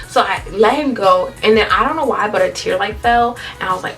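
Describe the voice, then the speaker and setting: A woman's voice: medium pitch, animated, a little fast, vocal fry, a bit bright, distant mic, faint music behind. A young woman telling a candid storytime on her vlog, chatty and dramatic, full of slang and laughing often. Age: young adult. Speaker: vlogger.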